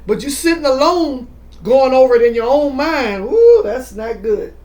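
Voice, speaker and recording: A woman, hosting a podcast in casual, animated chat and acting out voices. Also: high-pitched, moderate pace. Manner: animated, exclaims and acts out voices. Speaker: podcast host.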